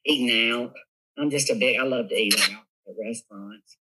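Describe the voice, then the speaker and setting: Guest: older Southern man, bright and husky tone, animated storyteller. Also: medium pitch, normal speed, rough recording. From Southern United States. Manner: lively storyteller, animated, laughs often. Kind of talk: casual storytelling interview.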